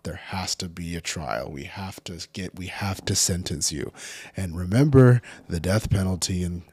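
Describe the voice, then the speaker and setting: A man with a very low, husky voice rants, swearing constantly and climbing into loud, heated bursts. The sound is dry and close, with no room around it. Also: no echo. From California. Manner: profane, heated, builds to shouting. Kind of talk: angry unscripted rant.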